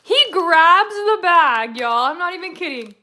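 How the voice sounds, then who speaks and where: A woman's voice: very high-pitched, expressive, unhurried, sharp tone. A woman from Texas, chatting casually with viewers on a livestream, rambling through stories and laughing often. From San Antonio, Texas, USA.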